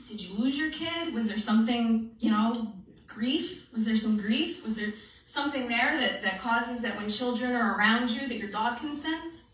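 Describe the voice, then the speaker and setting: A woman giving a playful, animated comedic talk at a live event, laughing often as she tells her story. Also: on the high side, moderate pace. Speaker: spiritual comedian and speaker. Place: live benefit event hall. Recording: echoey hall, mic from a distance, faint noise.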